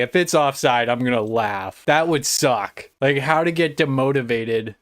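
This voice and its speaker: A young man talks casually on a live stream, swearing freely and flaring into loud, excited outbursts. His voice is mid-pitched and sits close and dry on the mic. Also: a little slow, hardly any pauses, no room sound. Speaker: livestreamer.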